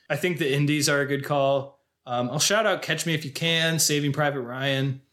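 A man's voice: fairly high pitch, steady tone, normal speed, a bit bright. A man co-hosting a podcast, chatting casually about films and laughing easily. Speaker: podcast co-host. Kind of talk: casual film chat.

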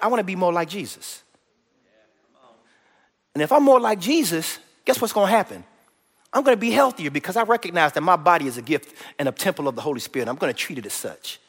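High, bright-voiced preaching man. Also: in a large hall. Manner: lively preaching, loud and energetic, with repetition; folksy and playful, cracks jokes with the congregation. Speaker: pastor. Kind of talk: sermon.

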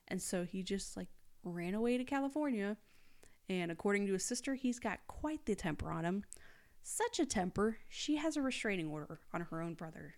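A young adult woman narrates a true-crime case in an easy, chatty way. She drops sarcastic asides and keeps the story moving. Her pitch sits in the middle of the female range. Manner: storytelling, sarcastic asides, quotes people in mock voices. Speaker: podcast host. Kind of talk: casual true-crime chat.

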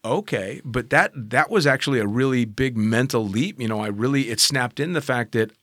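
A man's voice: medium pitch, brisk, fairly bright tone, no room sound, studio quality. A middle-aged man hosting a casual chat about skydiving, talking freely and swearing often. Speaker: podcast host, skydiving instructor.

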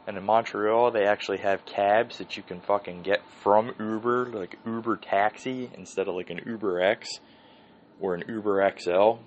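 Speaking at a measured pace in a lowish, steady voice, a man hosts a podcast and laughs frequently while telling a rambling story thick with swearing. The dull, lo-fi recording carries a faint hiss.

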